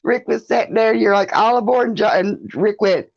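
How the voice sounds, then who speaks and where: A woman's voice: mid-range voice, expressive, moderate pace, vocal fry, darkish tone, no room sound, dull audio, faint music behind. A woman hosting a casual livestream, chatting with viewers, greeting them by name and laughing often. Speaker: livestream host. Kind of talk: casual live-stream chat with viewers.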